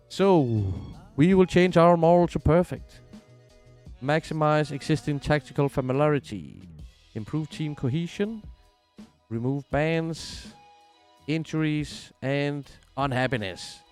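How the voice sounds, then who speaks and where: A man's voice: a little high, a little mellow, smooth. Chatty man streaming a football game. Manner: chatty, reads viewer messages aloud. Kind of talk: casual game livestream chat.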